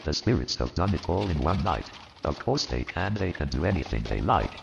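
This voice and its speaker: A man playing an old miserly man turned joyful and repentant, with a gravelly voice and a theatrical, animated delivery in an audio drama. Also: a little fast, slight background noise, exaggerated voice. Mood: elated. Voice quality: gravelly, very deep. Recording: reverberant, dull lo-fi, faint music.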